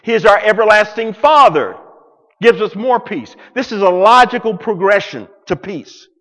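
A man preaching a sermon to a congregation, dramatic, swinging from loud declarations to hushed near-whispers. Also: sits high, lively intonation, moderate pace, big-room sound. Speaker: pastor.

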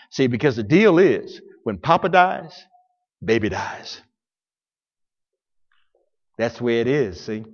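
A male pastor preaching a sermon, dramatic, swinging between loud declarations and hushed passages. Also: mid-range voice, big pitch swings, measured pace, pauses often, in a large hall, highs cut off.

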